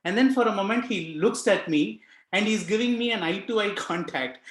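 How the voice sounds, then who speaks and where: A man's voice: high voice, a little fast, a bit bright, roomy sound. A young Indian man with an Indian accent sharing a personal devotional story, earnest and emotional, with many fillers. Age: young adult. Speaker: speaker sharing a personal experience. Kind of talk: devotional testimony talk.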